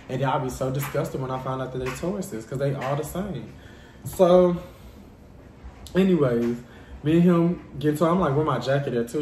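A man telling a dramatic personal story to his vlog viewers in a lively, casual way. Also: medium pitch, roomy sound, a little hiss or hum. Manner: animated, dramatic storytelling addressing viewers as y'all. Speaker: vlogger.

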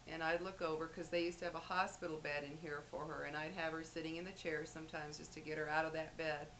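A woman's voice: low voice, level tone, fast talker, fairly bright tone, a little hiss or hum, poor audio. A woman vlogging at home, talking earnestly to her viewers in a rambling way with many fillers and restarts. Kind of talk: casual talk to camera.

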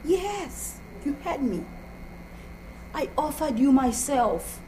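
An actress with a Nigerian accent playing a scheming, jealous young woman who taunts and shouts insults. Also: sits high, animated, slow pace, slight background noise, poor audio. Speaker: actor in a film drama.

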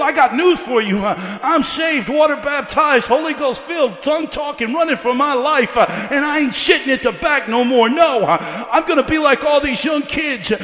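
Recorded in an echoey hall, a man delivers a fiery revival sermon with a very high, sharp-toned voice. He punctuates his lines with "uh" and keeps returning to the same questions to build momentum.

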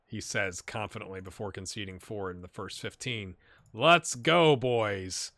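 A man giving casual, animated commentary while playing a football management game, cheering on and talking to his players. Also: lowish voice, a little slow, no echo, studio quality. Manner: animated, talks to his players, puts on silly voices.

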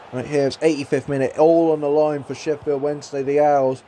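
Excitable man commentating his game. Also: a little high, slight background noise. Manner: excitable, swings from muttering to shouting; casual swearing, self-talk. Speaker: gaming YouTuber. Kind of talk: let's-play match commentary.

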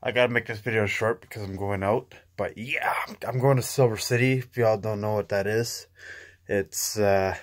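A young man from Canada talking casually to his vlog audience, low-key and sleepy since he just woke up. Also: steady tone, normal speed. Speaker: vlogger.

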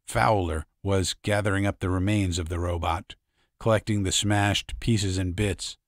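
A man narrating a story in a measured, dramatic way. His voice is low. The studio sound is dry and close. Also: fairly even intonation, no echo. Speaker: audiobook narrator. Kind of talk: scripted narration. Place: recording studio.

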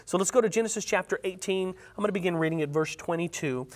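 A panelist on a Sabbath School Bible study panel, teaching in an earnest, halting way with many restarts, and reading scripture aloud with rising emphasis. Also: mid-range voice.

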